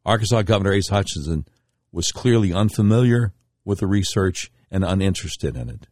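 A middle-aged man hosts a radio talk show with a fairly low voice. He tells his stories emphatically, with a tone of indignation and sharp swings of pitch. The recording is dry and close, with no room sound. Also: animated, a little fast, no echo. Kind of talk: political commentary monologue.

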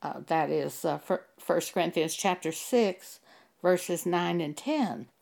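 A woman preacher delivering a sermon, speaking deliberately and with emphasis, pausing to cite scripture chapter and verse. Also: on the low side, vocal fry, a little mellow.

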